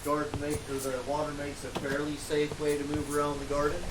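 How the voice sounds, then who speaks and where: A man streams a modded block game in virtual reality, chatting casually to himself about his plans and humming tunelessly as he works, in let's-play style. His voice is on the high side and steady, and he talks fast with few pauses. The roomy, distant mic picks up clear noise.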